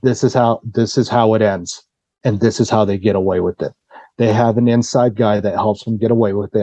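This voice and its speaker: Lower-voiced man telling a story. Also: breathy edge, dry recording, poor audio. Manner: lively storyteller acting out quoted dialogue, swears freely. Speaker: podcast guest. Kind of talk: casual storytelling.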